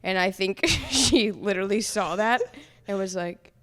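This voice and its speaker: A woman's voice: medium pitch, unhurried, a bit bright, in a large hall. A young woman, a pro beach volleyball player, retelling a trip in a chatty, laughing way. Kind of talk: casual storytelling chat.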